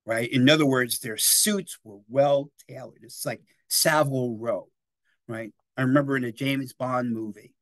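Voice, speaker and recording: A man in his sixties delivers a laid-back history lecture, rambling off on tangents and peppering his points with "right?" and "you know" as quick checks with the audience. His voice is medium in pitch, and the recording sounds dry and close, with hardly any room echo.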